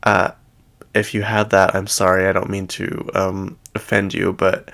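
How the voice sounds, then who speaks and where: Man, deep gravelly voice, chatty, rambling, lots of "like", home gossip recap. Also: monotone, unhurried, fairly bright tone. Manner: chatty, rambling, heavy use of "like". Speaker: gossip show host. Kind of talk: casual reality-TV gossip recap.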